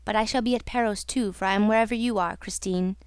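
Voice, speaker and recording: A woman's voice: mid-range voice, steady tone, fast, smooth, no echo, clean studio sound, close to an everyday voice. A woman voicing a mysterious jealous male voice. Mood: solemn.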